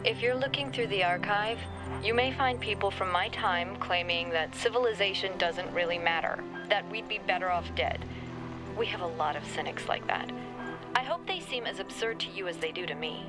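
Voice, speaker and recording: An actress playing a woman leaving an earnest, wistful message for whoever finds the archive. Her voice sits at an ordinary middle pitch for a woman, with loud music playing behind her. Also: normal speed, natural voice. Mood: earnest hopeful. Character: adult woman recording a hopeful archive message. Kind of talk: scripted game voice acting.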